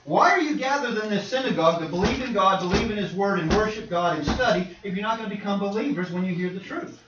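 A middle-aged man preaching a sermon, swinging between quiet asides and loud, emphatic points. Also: high-pitched, quick pace. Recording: roomy, distant and dull with faint noise.

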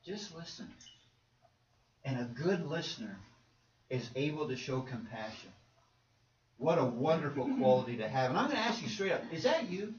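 Speaking in a mid-range voice that is very animated, this man delivers a sermon at a moderate pace with long pauses, emphatically repeating words and performing the quotes he references. The audio is roomy, distant and dull with a faint hiss.

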